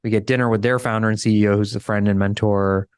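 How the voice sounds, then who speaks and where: Animated male podcast guest telling a story. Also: on the low side, quick pace, clean tone, dry recording, studio quality. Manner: animated storyteller, acts out quotes. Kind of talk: casual storytelling interview.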